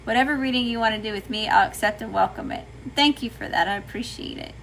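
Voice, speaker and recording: Casting: folksy Southern woman, tarot livestreamer, bright tone, faint room noise. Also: a little high, fast talker, creaky, poor audio. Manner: chatty, folksy, says y'all often. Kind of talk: casual livestream tarot reading, greeting chat.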